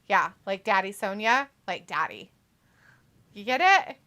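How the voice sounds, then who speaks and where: Her mid-range voice swings widely in pitch, sounding pushed and bright at a slightly slow pace. She's co-hosting a relaxed watch-along stream, giggling, swearing loosely and reading viewer comments aloud.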